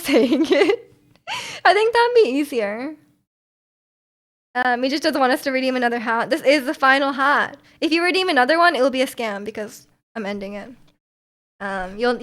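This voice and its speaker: A young woman with a slightly high, somewhat bright voice is streaming, casually chatting with her audience and reading their comments. She rambles, often saying um and starting over, and her voice is a bit sore.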